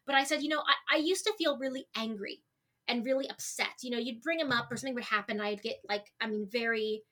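A woman's voice: fairly high pitch, fast, sharp tone. A woman in her twenties speaking as a podcast guest, open and emotional, often restarting her sentences. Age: 20s. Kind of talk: candid conversational interview.

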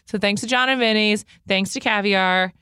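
A young woman co-hosts a food segment and tells her story in a relaxed, meandering way. She grew up in New York and fills her talk with "like" and "um." Her voice sits mid-range, recorded dry and close. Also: mid-range voice, normal speed, clean tone, no echo. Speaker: podcast co-host. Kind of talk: casual food chat.

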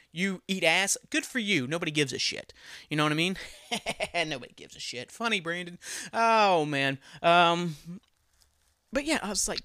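A man in his thirties rants on his own podcast, swearing freely and chuckling at his own lines. His voice sits a little high and sounds bright and forceful. The recording is dry and close to the mic. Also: dry recording. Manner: profane, blunt, laughs at own jokes. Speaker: podcast host. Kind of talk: casual solo podcast rant.

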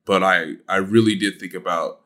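A man's voice: low voice, fairly even intonation, normal speed, pushed and bright. A man co-hosting a casual sports talk show, reflective and hesitant with many fillers. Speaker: sports podcast co-host.

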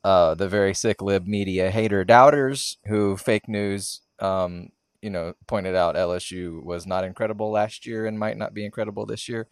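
A man co-hosting a comedic podcast, making dry, deadpan quips. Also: lowish voice, normal speed, few pauses, smooth, no echo. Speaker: podcast co-host.

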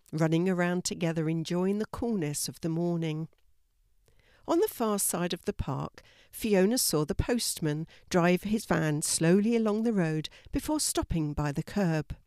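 An older woman narrating a children's story in a gentle, steady storybook manner. Her voice sits low for a woman. The recording is dry and close, with no room around it. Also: normal speed, no room sound. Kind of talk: reading a children's story aloud.

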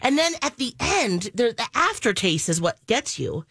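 A woman's voice: a little high, very animated, moderate pace, a bit bright, husky, no echo, clean studio sound. A woman co-hosting a radio show in casual chat, playful and giggly. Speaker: radio co-host.

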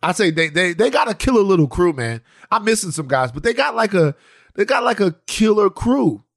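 Male podcast co-host, slightly high voice, animated casual delivery with restarts, dry close studio sound. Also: a little fast, creaky, no echo. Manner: animated, restarts and repeats phrases. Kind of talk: casual chat.

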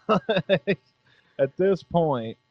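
A man's voice: on the high side, expressive, very slow, no echo. Laid-back middle-aged man, dull dry sound. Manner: laid-back, profane, laughs often. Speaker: podcast host. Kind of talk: casual podcast chat.

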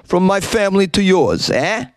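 Animated comedian host, lively swooping pitch. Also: male voice, normal speed, no echo. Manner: animated and playful, swooping up into silly yelps. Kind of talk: comedic podcast monologue reading listener reviews. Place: small closet.

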